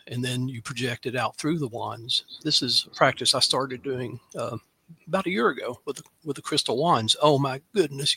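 Gravelly, husky-voiced man guiding breathing. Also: medium pitch, normal speed. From Tennessee. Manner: calm, instructive, with audible sighs. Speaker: free spell segment guest. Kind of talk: guided breathing instruction.

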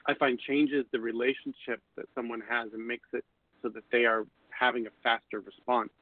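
Man explaining calmly over a phone-thin line. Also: mid-range voice, moderate pace, dry recording. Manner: thoughtful, explanatory, with restarts. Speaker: pendulum teacher and conversation partner. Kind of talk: casual conversation. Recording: phone-like dry audio.

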